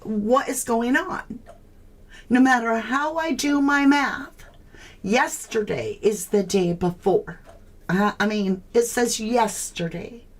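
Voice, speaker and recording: A woman's voice: on the high side, slow. A woman hosting a true crime livestream, puzzling aloud in casual chat and greeting viewers by name.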